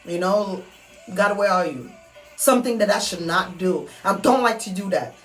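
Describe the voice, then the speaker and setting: Earnest woman with soft music behind. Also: mid-range voice, moderate pace. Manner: earnest, repetitive, heartfelt. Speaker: vlogger. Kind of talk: personal motivational monologue. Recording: soft music underneath, mic at a distance.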